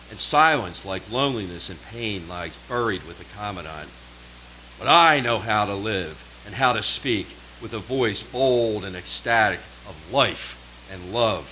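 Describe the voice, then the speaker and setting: A man reading his own poetry live at a small performance venue, pacing each line with slow, dramatic pauses. His voice sits low but sounds bright and forceful, with a faint hiss behind it. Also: rough recording. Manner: measured, dramatic delivery with slow emphatic pauses. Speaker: poet.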